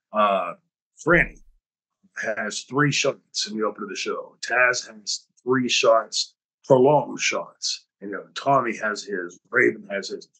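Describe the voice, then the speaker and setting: A man hosting his own podcast, telling backstage stories in an animated, profane way and acting out the dialogue. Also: medium pitch, breathy edge, low-quality recording. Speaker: podcast host. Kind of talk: storytelling podcast talk.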